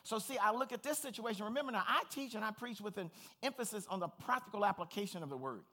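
Bright, high-voiced preacher man. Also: expressive, fast. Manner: earnest, personal, plain-spoken preaching. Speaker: pastor. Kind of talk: sermon.

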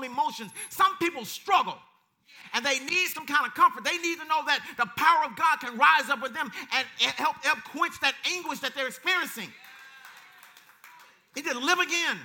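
A man's voice: very high voice, bright, forceful tone. A man preaching a sermon as a pastor, emphatic and repetitive, quoting scripture.

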